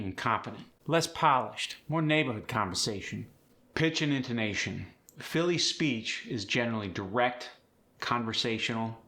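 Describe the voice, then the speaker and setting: A man teaching an accent as a coach, explaining clearly and demonstrating sounds in an instructive way. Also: mid-range voice, pushed and bright. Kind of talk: accent tutorial.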